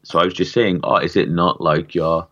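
A man's voice: sits low, fairly even intonation, normal speed, fairly bright tone, dull audio. A man co-hosting a podcast in casual chat, wry and teasing. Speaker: podcast co-host.

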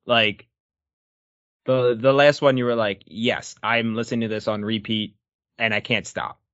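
A man's voice: mid-range voice, fairly even intonation, unhurried, fairly bright tone, dry recording. Easygoing man, dry lo-fi sound. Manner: joking, easygoing, playful. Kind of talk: casual chat.

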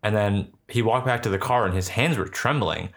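A man's voice: lowish voice, moderate pace, a bit bright. A young man casually telling a ghost story, rambling and swearing with lots of filler words.

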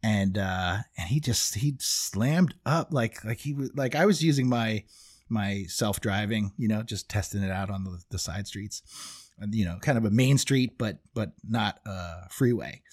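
A man's voice: lowish voice, unhurried. Rambling, laughing middle-aged man. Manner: rambling, restarts, laughs often. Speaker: podcast co-host. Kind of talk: casual chat.

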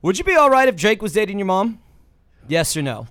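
A man's voice: high-pitched, very animated, a little fast, fairly bright tone. A man hosting a podcast in casual, jokey chat, steering the segments. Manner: easygoing, jokey, leads the segments. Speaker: podcast host.

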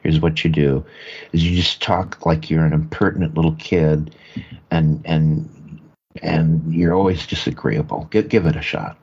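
Casting: man, podcast guest, laid-back coaching tone, husky voice. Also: rumbling low, steady tone, unhurried, a little mellow, lo-fi sound.

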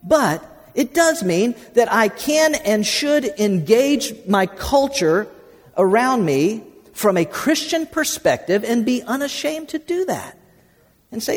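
A man's voice: very high voice, big pitch swings, slow. A man preaching a sermon, telling folksy stories and calling on the congregation to answer back. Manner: folksy storytelling, calls congregation to respond. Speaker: pastor. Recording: reverberant sanctuary.

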